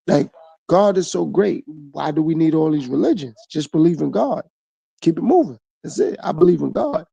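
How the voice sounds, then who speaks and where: A man's voice: fairly high pitch, creaky, mellow, husky, no room sound. A man hosting his own podcast, talking through a reflective solo monologue full of repeated phrases and rhetorical questions. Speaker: podcast host.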